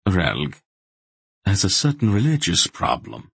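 Guy doing a sly worldly thief, dry, low, gravelly. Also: animated, moderate pace, a bit bright, no echo, exaggerated voice. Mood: wry. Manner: dry and sardonic.

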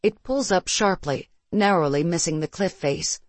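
A narrator reading a first-person science-fiction story in a steady, measured way. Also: mid-range voice, no echo.

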